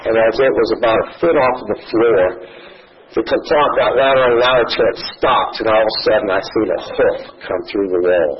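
A middle-aged man giving a personal testimony at a podium, telling his story in an earnest, halting way. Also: lowish voice, slightly rough. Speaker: speaker sharing his recovery story. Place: meeting room at a podium. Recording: muffled lo-fi recording with faint hiss.

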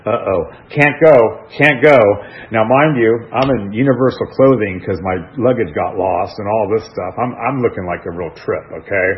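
Deep-voiced man, middle-aged, American, candid personal storytelling, rambling and self-deprecating, dull lo-fi radio sound. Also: moderate pace, hardly any pauses. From United States. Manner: rambling, self-deprecating, with frequent restarts and asides. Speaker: man telling his recovery story.

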